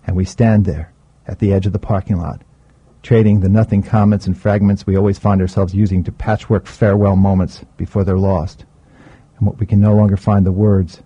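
Man, audiobook narrator, low voice, dry close sound. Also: level tone, fairly quick, husky, no echo, muffled recording.

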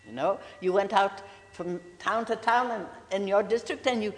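A woman in her nineties, speaking earnestly and emphatically in an interview, slowly repeating key figures. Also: mid-range voice, big-room sound. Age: 90s. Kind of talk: conversational interview.

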